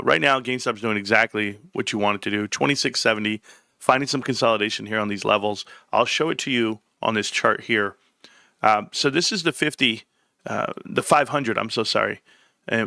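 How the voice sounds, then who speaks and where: Gravelly, bright-voiced male stream host. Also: fairly low pitch, dry recording, studio quality. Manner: talks viewers through charts, corrects himself mid-sentence. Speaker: livestream host. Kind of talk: casual market commentary.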